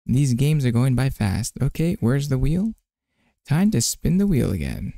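A young man giving live gameplay commentary as a streamer, excitable and flustered, talking to himself and repeating words over and over. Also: mid-range voice, measured pace, creaky, dry recording.

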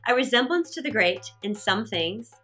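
A woman narrating children's fables aloud, animated and expressive. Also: on the high side, soft background music. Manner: animated and expressive, slow and clear. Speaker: storyteller for children.

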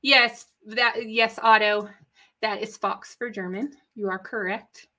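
Woman, East Texas accent, bright tone, chatty live-stream co-host, rambling. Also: fairly high pitch, fairly even intonation, slow pace. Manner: chatty, rambling, laughs often, drawls when teasing. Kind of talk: casual live-stream chat.

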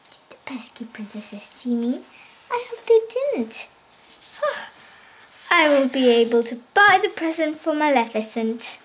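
Brief: woman playing a high, sing-song schemer doll, gleeful and sneaky, noisy home recording. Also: very animated, slow pace, a bit bright, heavily acted. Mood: scheming. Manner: gleeful, scheming, whispers to hide. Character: scheming female villain doll, sneaky and greedy. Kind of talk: toy play voice acting.

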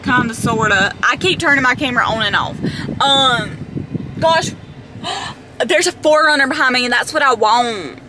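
A woman's voice: sits high, normal speed, noisy background. A young woman chatting casually to her camera from inside her car, chatty and self-deprecating, with lots of fillers. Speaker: vlogger. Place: inside a parked car in a drive-thru line. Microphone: handheld camera close up.

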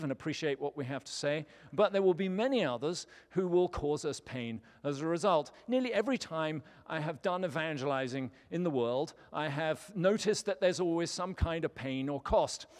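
Guy preaching, storytelling with little jokes, slightly high voice, long church echo. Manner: storytelling, lightly humorous. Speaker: pastor. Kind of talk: sermon. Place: church sanctuary. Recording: church hall reverb.

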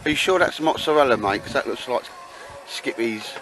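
A man's voice: mid-range voice, animated, brisk, noisy background. A man bantering and joking with friends outdoors at a campsite. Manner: joking, teasing, chatty with lots of "mate" and "sir". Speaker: vlogger. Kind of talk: casual banter.

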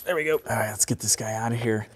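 A man hosting a car-repair video who explains his work casually and jokes between tasks, sometimes letting out excited whoops. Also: on the low side, fast, heavy background noise. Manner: upbeat and joking, with sudden excited whoops. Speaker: host and car mechanic. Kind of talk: casual repair vlog commentary. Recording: echoey garage reverb.

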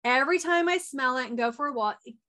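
High-voiced chatty woman. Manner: chatty and animated, says y'all a lot; talks fast. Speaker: wellness coach. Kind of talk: casual motivational talk.

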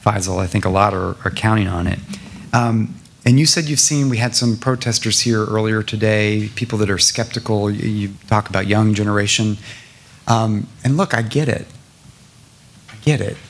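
Middle-aged man from South Carolina, gravelly husky voice, impassioned speaker at a public forum, stacks lists and rhetorical questions. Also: lowish voice, normal speed. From South Carolina, USA. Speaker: nonprofit president speaking to an audience. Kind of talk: public talk answering a question.

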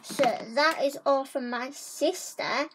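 A woman's voice: sits high, steady tone, slow pace, fairly bright tone, a little hiss or hum, low-quality recording. A young woman chatting in a casual haul vlog from her bedroom, gushing and talking straight to her viewers. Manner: gushing, chatty, keeps saying guys. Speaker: vlogger. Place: bedroom at home.

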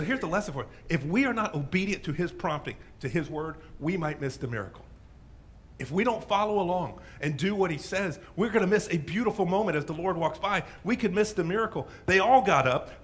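Brief: dramatic preacher man, high and very lively voice, loud then hushed. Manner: animated storyteller, dropping to hushes. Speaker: pastor. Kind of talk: sermon. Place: church.

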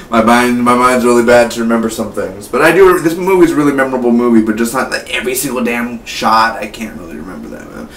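An eighteen-year-old man giving a casual, rambling spoiler review of a film. He gets excited and keeps tossing in "man" and "like". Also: mid-range voice, brisk. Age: late teens. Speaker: movie reviewer. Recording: echoey room, mic at a distance, faint hum.

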